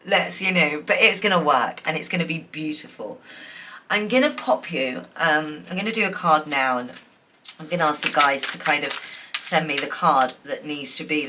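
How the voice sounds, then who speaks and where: Giggly, chatty woman tarot reader. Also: sits low. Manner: chatty, giggly, warm and encouraging, many fillers. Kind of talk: pick-a-card tarot reading to camera.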